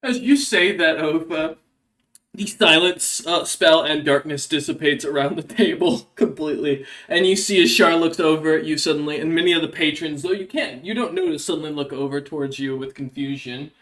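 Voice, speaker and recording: A man narrating as game master for a tabletop game, in loose, halting speech full of fillers. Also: on the high side, a bit bright.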